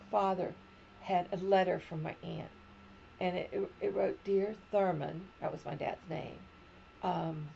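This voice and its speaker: Gravelly older woman telling family stories. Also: on the low side, mellow, lo-fi sound, slight background noise. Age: 70s. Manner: rambling personal storytelling. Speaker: crochet podcast host. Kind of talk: casual chat.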